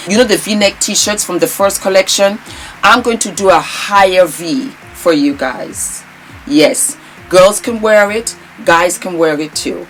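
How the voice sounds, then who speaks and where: Woman, host, effusive and affectionate, lower voice, faint music underneath. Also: rough recording. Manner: effusive and affectionate, calls viewers darlings. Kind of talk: casual chat to viewers.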